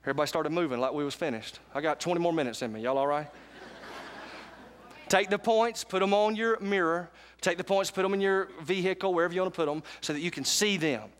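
A man's voice: sits high, a little fast. A man preaching a sermon to a live congregation, emphatic and often calling for responses. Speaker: pastor. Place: church sanctuary with live congregation.

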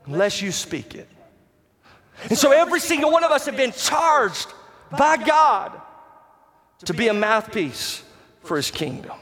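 A man preaching a sermon as pastor, emphatic and rising to shouts on key words, and calling out to the congregation for responses. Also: very high-pitched, big pitch swings, measured pace, long pauses. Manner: talks to the congregation directly, asks for responses. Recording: long reverb of a large hall.

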